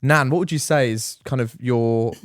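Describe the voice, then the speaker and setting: A man's voice: medium pitch, normal speed, no room sound, clean studio sound. Young British man hosting a podcast. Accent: British English. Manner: steers the conversation, upbeat. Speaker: podcast host, content creator.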